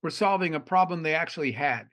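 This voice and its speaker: A middle-aged man from Arizona, an entrepreneur guest on a podcast, telling animated stories and acting out the dialogue. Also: a little high, fast. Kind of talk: storytelling in a podcast interview.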